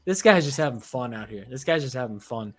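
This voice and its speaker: A man's voice: medium pitch, expressive, brisk, crowd noise. A young man hosting a casual sports podcast chat, loose and laughing with lots of fillers. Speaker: podcast host.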